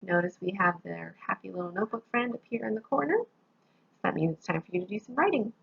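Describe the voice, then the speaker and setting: Sleepy teacher with a gravelly voice. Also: female voice, mid-range voice, expressive, brisk, lo-fi sound. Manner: patient, explains step by step with examples. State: sleepy, yawning. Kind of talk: recorded grammar lesson.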